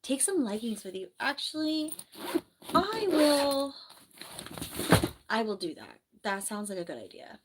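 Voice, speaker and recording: Young woman from New Jersey, nurse and stream host, rambling and chatty, slightly hoarse with the flu. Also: mid-range voice, big pitch swings, fairly quick, few pauses, background noise. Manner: rambling, chatty, reads viewer comments aloud. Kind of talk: casual livestream chat. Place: bedroom at home.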